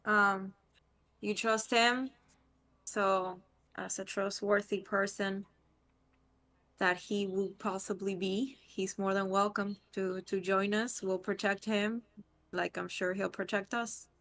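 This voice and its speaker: Slow, even-toned woman player. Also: mid-range voice. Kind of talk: casual tabletop play.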